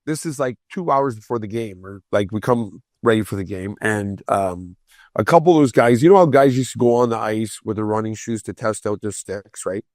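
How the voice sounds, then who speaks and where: A man, a former pro hockey player, telling profane, animated stories as a podcast guest and acting out other people's voices. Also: lowish voice, brisk, no room sound, studio quality. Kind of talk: casual storytelling on a podcast.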